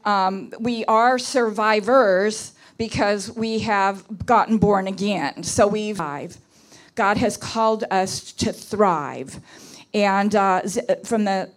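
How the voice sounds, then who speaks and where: A woman delivers an earnest prayer message at a church conference. She speaks at a middle pitch, often restarting her phrases and stacking words for emphasis. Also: takes it slowly.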